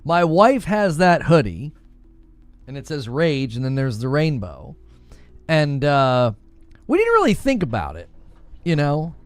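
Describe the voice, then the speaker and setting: A man's voice: fairly high pitch, wildly swooping pitch, a little slow, pauses often, dry recording, soft background music. A man hosting a livestream, chatting casually and joking with his chat, laughing often and reading comments aloud. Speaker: livestream host.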